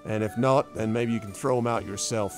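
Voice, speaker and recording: A harried, short-tempered barkeep, voiced by a man, gruff and impatient with everyone crowding his bar. There is faint music playing behind him. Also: on the low side, fairly quick, close to an everyday voice. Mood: brusque. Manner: brusque, impatient. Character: gruff, busy male tavern barkeep.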